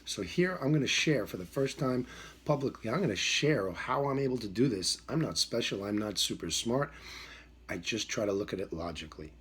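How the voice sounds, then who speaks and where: A man's voice: on the low side, lively intonation, brisk, a bit bright, slight background noise. A middle-aged man, a dog trainer, telling a story in an emphatic, repetitive way and acting out the voices in it. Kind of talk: storytelling monologue.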